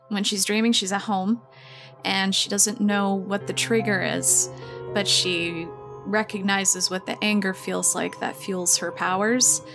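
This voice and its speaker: A woman's voice: mid-range voice, fairly bright tone. A woman playing a tabletop game, thoughtfully describing her character's fear. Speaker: player.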